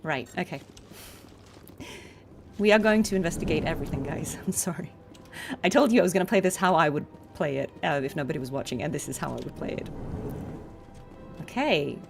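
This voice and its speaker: Female VO streamer, young adult, lowish voice, chatty explainer, faint music under. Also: fairly quick, vocal fry, pauses often. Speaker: voice actor and gaming streamer. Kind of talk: casual gameplay commentary.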